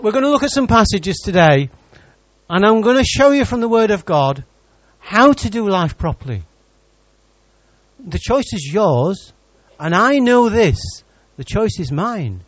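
A man delivers a sermon in a high, very animated voice that leaps up and down. He preaches as a pastor and teases his congregation with jokes between his points. The sound is dry and a little dull. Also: no room sound. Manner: lively, teasing preacher who jokes with the congregation.

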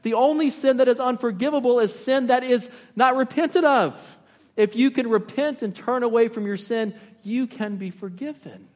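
A pastor with a notably high voice preaches an impassioned sermon, repeatedly turning to the congregation with rhetorical questions. The long reverb of a large church hall carries his words.

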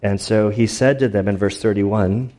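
A male pastor delivers a sermon in a relaxed, conversational manner. He strings his stories together with frequent fillers and restarts, sounding like he is talking with friends rather than reading from notes. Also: on the low side, normal speed. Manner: conversational storytelling with many fillers.

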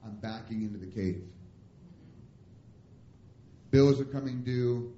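A man preaching a comic, animated storytelling sermon as a missionary in a church, acting out the dialogue. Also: medium pitch, a little fast. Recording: roomy church hall, dull lo-fi sound.

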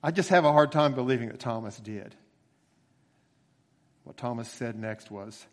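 A man preaching a sermon in a relaxed, conversational way, slowing down to stress key phrases. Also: mid-range voice, in a large hall. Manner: conversational storytelling with emphatic slowed phrases.

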